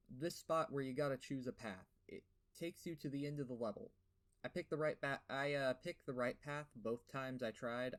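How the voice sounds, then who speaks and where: A young man with a lisp giving a sarcastic, profane game review voiceover, full of fillers and rants. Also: mid-range voice. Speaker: gaming video host.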